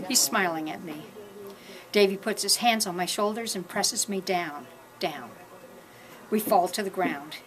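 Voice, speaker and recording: A woman's voice: medium pitch, a bit bright, slight background noise, low-quality recording. A woman reading her first-person novel aloud at a live shop event, lifting her voice for the quoted lines of dialogue. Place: shop during an evening party.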